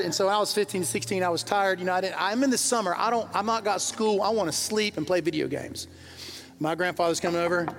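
Preacher with a gravelly, high voice. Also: male voice. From American South. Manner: storytelling preacher, building to fervent intensity. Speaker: pastor. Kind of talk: sermon. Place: large church hall. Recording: reverberant church hall with soft music.

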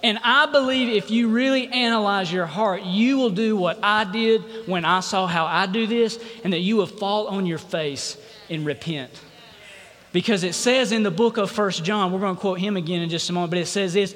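Male pastor, high-pitched, preaching with call-and-response, reverberant church hall. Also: moderate pace, fairly bright tone. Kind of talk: sermon.

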